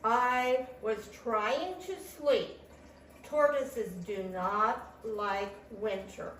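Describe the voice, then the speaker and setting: A woman voicing a grumpy, sleepy male tortoise who grumbles slowly, in an echoey room. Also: on the high side, a bit bright, a little hiss or hum. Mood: grumbling. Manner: slow grumbling complaint. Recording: echoey room, mic at a distance.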